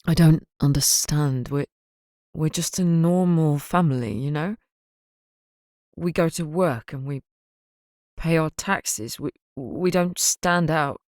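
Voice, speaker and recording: Woman narrator doing a shattered father in an audiobook who stammers and halts, his voice low-pitched and slow. Heard in a dry, close recording. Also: darkish tone, dry recording. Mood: dazed, halting. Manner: halting, stammering, broken speech. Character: grief-stricken father in his forties, dazed and shaken.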